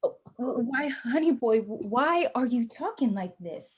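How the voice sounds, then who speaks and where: A woman's voice: a little high, animated, unhurried, slightly rough. A woman playing a tender, grieving young mother. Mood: anxious. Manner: soft, tender and aching. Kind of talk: stage play performance.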